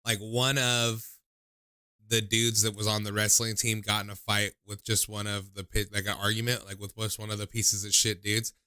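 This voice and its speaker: In a casual storytelling chat, a young livestream host taking call-ins rambles and swears, his talk full of fillers, and he imitates people in high voices when quoting them. His delivery is flat and a little slow, with a sharp, clear, resonant tone in a dry, clean studio recording.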